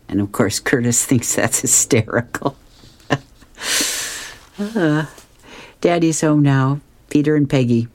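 A man's voice: mid-range voice, a little slow, darkish tone. A man reading comic strips aloud, describing each panel and chuckling often. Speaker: reader.

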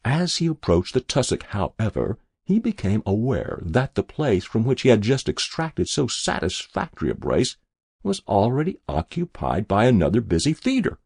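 A man reading a story aloud in a measured, expressive storytelling manner. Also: on the low side, vocal fry, slightly rough, no echo, clean studio sound. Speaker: narrator.

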